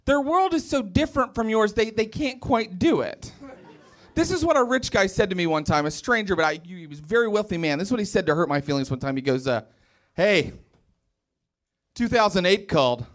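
Man, stand-up comedian, high-pitched, very expressive delivery, self-mocking, club stage mic. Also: quick pace. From West Virginia. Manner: animated, self-mocking, jumps into exaggerated character voices.

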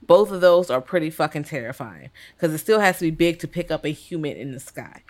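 A woman's voice: low voice, animated, a little fast, darkish tone. A woman hosting a podcast, talking bluntly and profanely while reviewing a horror film. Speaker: podcast host. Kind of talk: casual film review chat.

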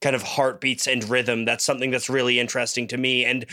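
Podcast co-host dude, bright voice, rambles with lots of likes and ums. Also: male voice, medium pitch, level tone, quick pace. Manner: rambling, with many fillers. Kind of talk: casual podcast discussion.

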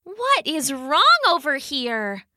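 A woman voicing an eager, easily startled little female bunny in a storybook reading, with a high, bright, exclaiming voice. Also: huge pitch swings, takes it slowly, no echo, clean studio sound, heavily acted. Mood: puzzled.

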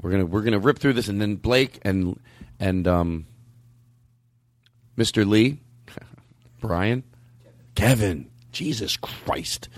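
A man's voice: sits low, gravelly, darkish tone, dry recording. A man in his fifties hosting a podcast, telling stories in a rambling, self-interrupting way. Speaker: podcast host. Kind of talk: casual chat.

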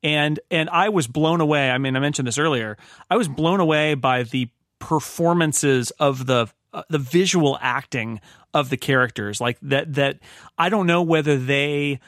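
A man's voice: fairly high pitch, normal speed, a bit bright, no room sound, studio quality. Chatty man hosting a podcast. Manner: chatty, stammers and repeats words. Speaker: podcast host. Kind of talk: casual podcast discussion.

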